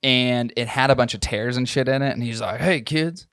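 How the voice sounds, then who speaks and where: A man's voice: medium pitch, level tone, a little fast, fairly bright tone, smooth, no echo, studio quality. A young adult man co-hosting a podcast in casual chat, crude and joking, often laughing as he tells stories. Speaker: podcast co-host.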